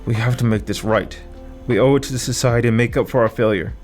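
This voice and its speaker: A fierce, hot-tempered woman enforcer with a low, growling intensity, read by a male narrator. She pushes every line forward with menace. Faint music plays underneath. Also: fast, a little mellow, close to an everyday voice. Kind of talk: audiobook character voice.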